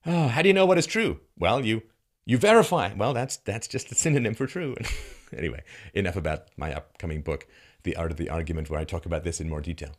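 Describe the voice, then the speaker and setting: A male commentary host giving an emphatic, sarcastic monologue full of rhetorical questions and chuckles, dropping from loud mocking peaks to low, grave tones. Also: expressive, fast. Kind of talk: commentary monologue reacting to a news segment.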